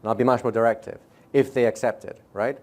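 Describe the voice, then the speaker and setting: A man teaching a live seminar audience. He talks in a brisk, conversational way, checks in with the room often, and sometimes slows right down to show a point. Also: mid-range voice, steady tone, a little mellow. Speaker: seminar trainer.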